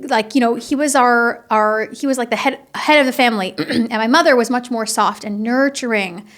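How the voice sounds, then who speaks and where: A woman's voice: a little high, moderate pace, fairly bright tone. A young woman giving a casual, emphatic Torah talk from home, repeating phrases for emphasis and talking with many restarts. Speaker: Jewish teacher giving a weekly Torah talk. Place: at home with kitchen machines running.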